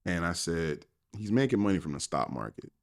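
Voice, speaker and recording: Guesting on a podcast, this middle-aged finance professor is a lively storyteller who acts out voices and often breaks into laughter. He speaks briskly in a low voice with vocal fry.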